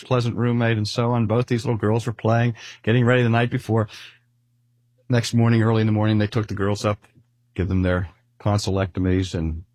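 Older man preaching with a husky voice. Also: mid-range voice, a little mellow, no echo. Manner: earnest, slowing down to stress key phrases. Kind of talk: sermon.

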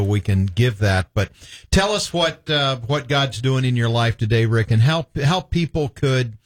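A man's voice: medium pitch, no echo. A man hosting a Christian talk show, encouraging and affirming his guest. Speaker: host. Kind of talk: casual chat.

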